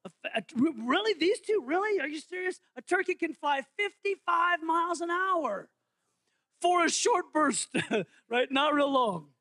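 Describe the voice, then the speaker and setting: A man's voice: very high voice, expressive, unhurried, bright, forceful tone, dry recording. A man preaching as interim pastor, in a playful, jokey way, quizzing his congregation during an interactive holiday sermon.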